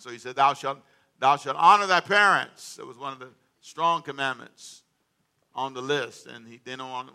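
Bright-voiced preaching pastor, a man. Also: medium pitch, clean tone. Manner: call-and-response preaching, asks congregation to read aloud. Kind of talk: sermon.

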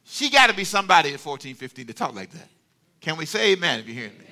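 A man preaching a sermon with animated call-and-response and playful asides to the congregation. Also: high-pitched, fairly quick. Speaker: pastor.

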